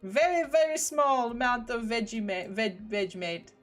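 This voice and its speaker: Giggly, lively-voiced young woman streamer. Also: a little high, normal speed. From United Kingdom. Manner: rambling, giggly, trailing off into mumbles. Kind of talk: casual stream chat. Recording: faint background music.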